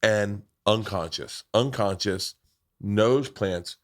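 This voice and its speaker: Brief: male host, low voice, loose and rambling, swearing, laughs easily. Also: slow pace. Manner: rambling, profane storytelling with restarts. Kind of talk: casual chat.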